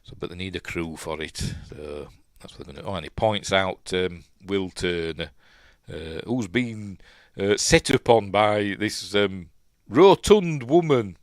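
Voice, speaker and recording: A man with a Yorkshire accent chats his way through a film as he watches it, rambling and wandering off on tangents. His voice sits on the low side but swings up and down a lot. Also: lively intonation, measured pace, no echo, clean studio sound. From Yorkshire, England. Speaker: film reviewer, channel host. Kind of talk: casual rambling commentary while watching a film.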